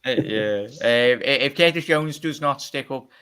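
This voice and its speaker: A man's voice: mid-range voice, normal speed, pushed and bright, smooth. A man in his twenties hosting a casual livestream, chatting loosely and greeting viewers by name. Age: 20s. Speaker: livestream host.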